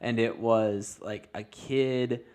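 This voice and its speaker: A man's voice: mid-range voice, steady tone, slow, a little mellow, clean tone. Guy hosting a podcast, chatty, tells stories and does the voices. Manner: chatty storyteller, acts out quoted voices. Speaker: podcast host. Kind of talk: casual chat.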